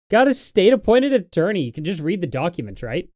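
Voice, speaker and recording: A man's voice: sits high, sing-song, moderate pace, a little mellow, dry recording, clean studio sound. A young adult man hosting a casual live stream, talking in a tired, rambling, sarcastic way.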